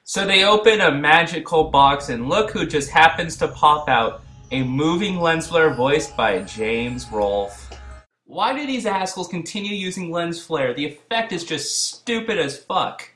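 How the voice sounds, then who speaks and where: A sarcastic young man narrates a comedic movie review, cursing freely and yelling the same gag over and over. His pitch swings up and down a lot, and the recording has a roomy echo. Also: expressive, unhurried. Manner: sarcastic, swears, breaks into repeated yelled gags. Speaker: video reviewer.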